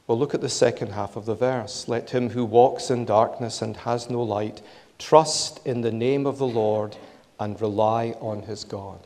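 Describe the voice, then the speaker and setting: A man preaching a sermon in a measured, emphatic way, repeating his key phrases. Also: mid-range voice, fairly even intonation, darkish tone, in a large hall.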